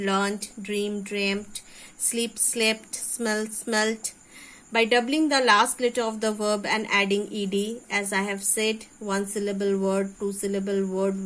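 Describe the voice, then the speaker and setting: A woman teacher with an Indian English accent giving a slow classroom grammar lesson, spelling out words letter by letter. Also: medium pitch, a bit bright, low-quality recording. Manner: slow, spells out letters, repeats rules with questions.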